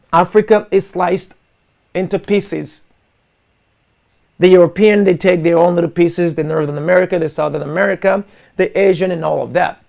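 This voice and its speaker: Gravelly, high-pitched impassioned male host. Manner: forceful, repetitive, addresses listeners as guys. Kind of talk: impassioned monologue to an online audience.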